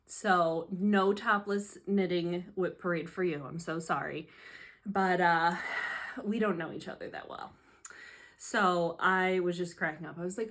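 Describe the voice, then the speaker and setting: Lady vlogging at home on her phone, kinda low voice, sarcastic and laughing at herself. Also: fairly even intonation, unhurried, a bit bright. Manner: self-deprecating, sarcastic, laughs a lot. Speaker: hobby vlogger. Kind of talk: casual chatty vlog. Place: home room, seated at a tray table. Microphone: phone camera.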